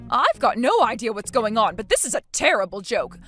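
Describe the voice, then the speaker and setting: An indignant mother-in-law , as a woman reads her part scolds with accusing, rising outbursts. Her fairly high voice swings widely in pitch. Faint music sits behind the text message story. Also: big pitch swings, fairly quick, fairly bright tone. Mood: baffled.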